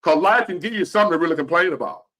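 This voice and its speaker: A man's voice: on the high side, racing, sharp tone. A man in his fifties giving a blunt, profane, preachy motivational rant to the camera. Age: 50s. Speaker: vlogger.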